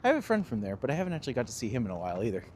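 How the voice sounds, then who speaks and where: A Canadian guide talks very fast at a medium pitch while walking city streets on a live stream, animated and quick to mock himself. His handheld phone catches the traffic behind him.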